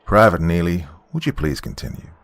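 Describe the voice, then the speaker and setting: A man voicing a weary, exasperated Army captain who speaks in a drawn-out, groaning way. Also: low-pitched, huge pitch swings, creaky, no echo, full character voice.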